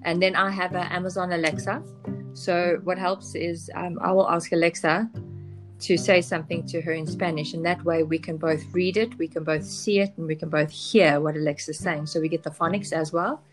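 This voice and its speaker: A woman chatting as a podcast guest, candid and hesitant, with many pauses and restarts. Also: fairly low pitch, fairly even intonation, over music. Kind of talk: casual podcast chat.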